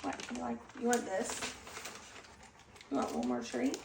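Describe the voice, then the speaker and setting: A woman's voice: on the high side, level tone, unhurried, creaky. A woman talking in a coaxing, sing-song baby talk to her pet dog at home, recorded from a distance in an echoey room with background noise. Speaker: dog owner.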